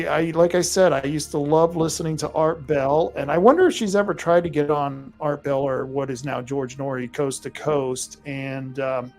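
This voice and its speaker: A man's voice: medium pitch, a little mellow. A male podcast host with a rural American accent, talking casually to listeners in a rambling way full of fillers and restarts.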